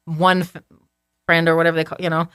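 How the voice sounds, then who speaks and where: A woman's voice: deep voice, flat delivery, fast, fairly bright tone, clear, resonant tone, no room sound, clean studio sound. A woman guest in a casual interview, telling her story candidly and searching for words with frequent restarts. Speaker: podcast guest.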